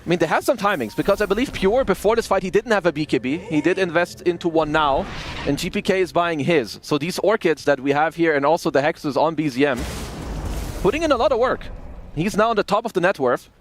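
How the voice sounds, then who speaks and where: Man, esports color commentator, calm analytical talk, slightly high voice. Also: a little fast, slight background noise. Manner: relaxed analytical explanations.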